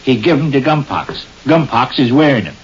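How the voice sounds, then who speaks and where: A man's voice: mid-range voice, animated, moderate pace, breathy edge, highs cut off. A man playing a pompous middle-aged husband who speaks in solemn, ornate phrases, acted in 1930s radio comedy style on a hissy old recording. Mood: pompous aggrieved. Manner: grandiloquent, formal wording.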